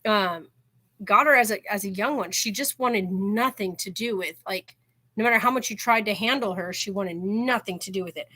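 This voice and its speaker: Her voice is medium in pitch, pushed and bright, and she speaks at a moderate pace. As host of her own channel she chats casually through stories, saying "like" constantly and laughing while she tells them.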